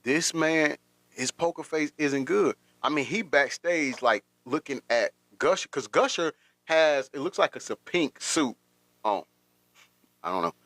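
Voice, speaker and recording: A man's voice: a little high, lively intonation, unhurried, fairly bright tone, no room sound. A man hosting a casual livestream, rambling through commentary with repeated words and frequent laughter. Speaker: livestream host.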